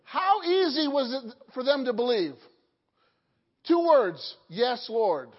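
A woman preaching in a high voice with an unhurried, drawn-out delivery. She keeps quizzing the congregation and slipping in jokes. The recording sounds dull and lo-fi, with a long reverb from the hall. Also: big pitch swings, breathy edge. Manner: asks the congregation questions, joking asides. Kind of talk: sermon.

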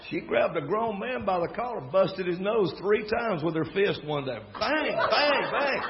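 A man with a Southern US accent, a preacher telling a family story in a folksy, animated way with laughing asides. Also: high voice, unhurried. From American South. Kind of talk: storytelling sermon. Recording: dull lo-fi recording with faint crowd and noise. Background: faint audience laughter.

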